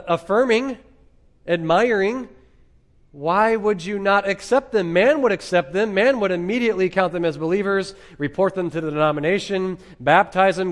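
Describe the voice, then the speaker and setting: A man preaching an expository sermon as pastor, emphatic, with dramatic pauses and rhetorical questions. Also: high-pitched.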